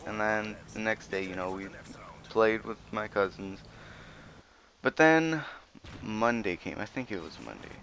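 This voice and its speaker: A man's voice: fairly low pitch, measured pace, vocal fry, long pauses, fairly bright tone, slight background noise. A young man, a teen, rambling informally and swearing now and then as he tells a personal story over gameplay commentary. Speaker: gaming video commentator.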